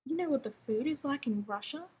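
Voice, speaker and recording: A woman's voice: sits high, lively intonation, a little fast, a little mellow, pitched above the performer's own voice. A woman reading the lines of a male scientist who splutters indignantly.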